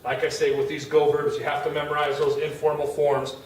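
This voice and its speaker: A man's voice: fairly high pitch, completely flat delivery, brisk. A middle-aged man teaching Spanish grammar in a classroom, talking casually as he writes on the board. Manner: casual, talks while writing on a board. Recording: echoey room, far from the mic, faint noise.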